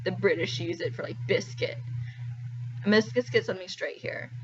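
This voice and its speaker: A woman's voice: mid-range voice, a little fast, lo-fi sound, a little hiss or hum. A young woman vlogging to camera in a chatty, wry, self-deprecating way, full of "like"s. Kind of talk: casual talking-to-camera vlog.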